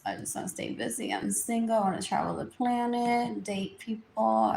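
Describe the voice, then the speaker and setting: A woman's voice: a little high, lively intonation, moderate pace, gravelly, hardly any pauses, a little mellow. A woman, rambling through a live-stream monologue, repeating herself and dropping into whispers. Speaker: livestream host. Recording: echoey room, faint background noise.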